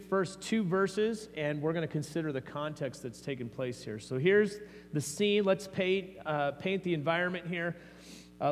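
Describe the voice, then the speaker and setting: A man's voice: on the high side, long reverb tail. A man preaching a sermon as pastor, in a conversational manner with frequent fillers and restarts.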